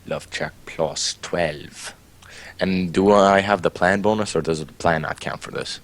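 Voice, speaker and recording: Low-voiced man playing a tabletop game. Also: unhurried. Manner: describes his actions, eager and chatty. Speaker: player.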